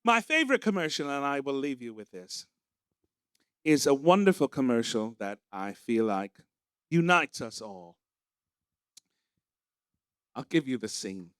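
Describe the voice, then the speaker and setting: A man's voice: sing-song, measured pace, pauses often, a bit bright, smooth, no echo, clean studio sound. A man from the United States with an American accent, hosting a stand-up comedy night in a camp, theatrical manner. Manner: camp, theatrical, swooping into shrill character voices. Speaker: comedy host. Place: small pub venue with live audience.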